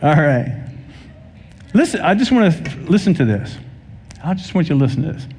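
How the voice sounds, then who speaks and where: A man preaching a sermon to a congregation, telling stories and acting out the people in them with lively energy. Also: a little high, moderate pace. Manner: animated preaching, acts out dialogue in anecdotes. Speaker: pastor. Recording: long hall reverb.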